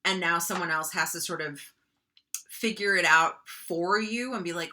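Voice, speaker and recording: A young woman from North Dakota teaches writing in a casual, chatty lecture full of ums and likes, putting on mock voices for her examples. Her voice is lowish, bright and forceful, at a normal speed.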